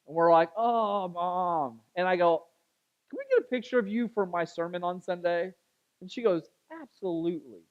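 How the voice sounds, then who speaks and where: Animated high-voiced man preaching. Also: highs cut off. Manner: animated, chatty, acts out quoted voices. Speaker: pastor. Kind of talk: storytelling sermon. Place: church sanctuary.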